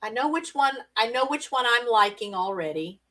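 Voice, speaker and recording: A woman's voice: fairly high pitch, lively intonation, moderate pace, sharp tone, recorded from a distance, poor audio. A woman hosting a casual live-stream party game, chatty and laughing often as she reads out viewer comments.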